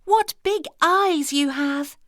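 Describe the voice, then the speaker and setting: A woman voicing a sweet, innocent young girl with a high, piping, earnest voice, in a children's storybook reading. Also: takes it slowly, a bit bright, no room sound, studio quality. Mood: wondering.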